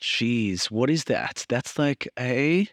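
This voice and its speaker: Excitable young man chatting on a podcast. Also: medium pitch, slow, no echo, studio quality. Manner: excitable, swears freely. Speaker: podcast co-host. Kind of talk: casual podcast chat.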